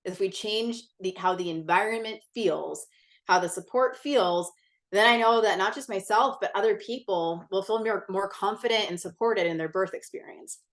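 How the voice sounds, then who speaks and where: A woman's voice: medium pitch, moderate pace. A woman guest in a casual interview, telling a personal story in a candid, intense way, swearing freely and filling her talk with "like". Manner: chatty, many "like" fillers. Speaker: podcast guest.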